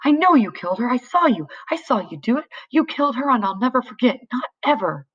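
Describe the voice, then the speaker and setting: A woman reading the part of a big, slow teenage boy who pleads and accuses insistently. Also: medium pitch, animated, far from the mic, lo-fi sound, pitched above the performer's own voice, close to an everyday voice. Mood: accusing.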